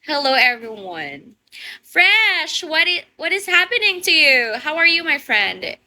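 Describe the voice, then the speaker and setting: High, lively Filipino-accented woman livestreaming. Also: measured pace. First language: Tagalog. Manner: playful, teasing, laughs often. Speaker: livestreamer greeting viewers. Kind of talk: casual livestream chat.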